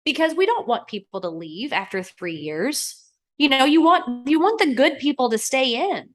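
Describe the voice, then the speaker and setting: Her voice is high-pitched and moves at a normal speed. She's a guest on the show, an Arizona real estate agent in her thirties, animatedly telling stories in a casual chat and performing quotes by raising her voice.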